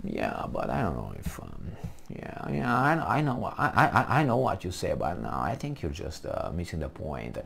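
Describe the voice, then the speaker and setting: A man's voice: sits low, huge pitch swings, moderate pace, gravelly, a bit bright, husky, voice pushed down, heavily acted. A man imitating a hesitant, stammering male TV pundit who brushes off every point. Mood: evasive. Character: mumbling evasive male TV pundit.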